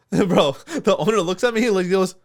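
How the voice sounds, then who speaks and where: A man's voice: high voice, moderate pace. A young man on a podcast, telling a long story in casual chat, swearing a lot and laughing as he goes. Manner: animated storyteller, swears often, laughs through lines. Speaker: podcast co-host.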